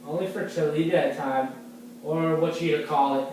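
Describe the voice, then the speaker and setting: A man's voice: a little high, fairly even intonation, normal speed, darkish tone, slight background noise, close to an everyday voice. A man playing a frail, whiny old mother in an amateur stage play, speaking with a plaintive, needling manner. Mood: fretful. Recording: echoey room, mic far off.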